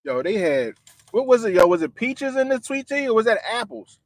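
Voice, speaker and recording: A man's voice: very high voice, big pitch swings, brisk, no room sound. A man hosting a livestream in a loose, slangy way, talking directly to the people watching. His voice is close and dry, with no room sound around it. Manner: loose, slangy, talks straight to viewers. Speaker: livestream host. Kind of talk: casual livestream chat.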